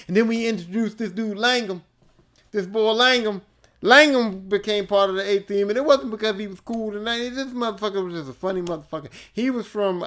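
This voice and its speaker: A male podcast host telling a casual story alone, laid-back, profane and animated. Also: high-pitched.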